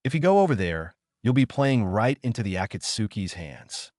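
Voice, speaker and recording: A man's voice: fairly low pitch, very animated, moderate pace, a little mellow, dry recording. Teenage boy ninja, stern, lecturing, storybook voice, man performing, dry sound. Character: serious teenage boy ninja, cautious and blunt.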